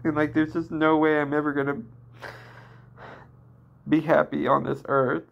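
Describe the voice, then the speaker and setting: A man in his twenties venting in a downcast, distressed personal vlog, talking haltingly with many restarts. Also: a little high, flat delivery, vocal fry, highs cut off. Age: 20s. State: emotionally distressed. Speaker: vlogger.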